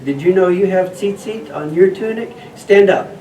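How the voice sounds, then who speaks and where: A man's voice: sits high, normal speed, dark tone. Guy doing a friendly scribe teacher, upbeat call-and-response with kids, echoey far-off mic. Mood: cheerful teaching. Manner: cheerful, leads children in call-and-response. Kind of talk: church children's skit. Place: church hall. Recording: echoey, distant mic, noisy room.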